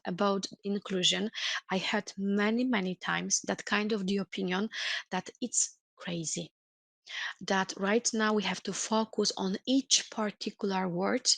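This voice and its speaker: A woman's voice: medium pitch, creaky, no room sound. A woman trainer giving a webinar lecture, explaining earnestly and reworking her sentences with "let's say" and "like" as she goes. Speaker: corporate trainer.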